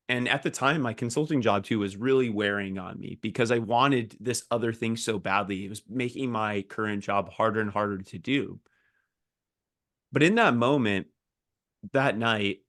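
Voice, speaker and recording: Earnest low-voiced male podcast co-host. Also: moderate pace, fairly bright tone, no room sound, clean studio sound. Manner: earnest, motivational storytelling. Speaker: podcast co-host, sales engineer. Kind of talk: casual podcast chat.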